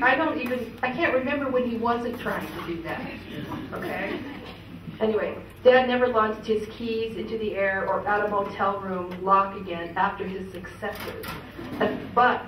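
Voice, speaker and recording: A woman telling family stories at a memorial gathering, chatty and laughing, with many fillers. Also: on the high side. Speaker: memorial speaker. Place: event hall. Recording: echoey hall, distant mic, ambient noise.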